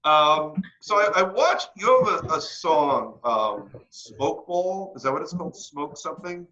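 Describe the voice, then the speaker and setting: A man's voice: fairly high pitch, expressive, a little slow, pushed and bright, a little hiss or hum. A man hosting a casual interview, rambling and stammering, cracking jokes as he goes. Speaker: host. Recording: dull lo-fi recording.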